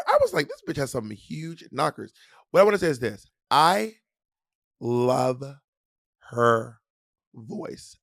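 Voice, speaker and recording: A man co-hosting a casual chat, animated, profane and giggly. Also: medium pitch, no room sound, clean studio sound. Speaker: co-host. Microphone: desk mic at a computer, streaming live.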